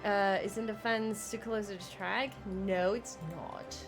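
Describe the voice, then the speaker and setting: A woman's voice: mid-range voice, steady tone, slow, music in the background. A woman streaming a zoo-building game live, chatting, exclaiming in frustration, laughing and thanking viewers by name. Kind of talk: live gameplay stream chat.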